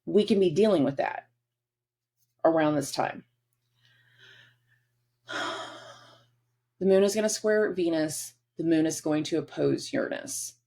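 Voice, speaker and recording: A woman's voice: low-pitched, unhurried, gravelly, long pauses, warm tone. A woman hosting a casual astrology forecast, chatty and acting out quoted dialogue in different voices.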